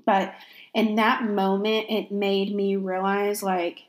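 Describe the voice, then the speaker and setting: A young woman speaks candidly about her own life in a casual, unscripted way. She sounds reflective, restarting her sentences and using plenty of "you know" as she works through her thoughts. Her voice sits at an ordinary middle pitch for a woman. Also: little pitch movement, slow pace. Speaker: vlogger sharing a personal story. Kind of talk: casual personal storytelling.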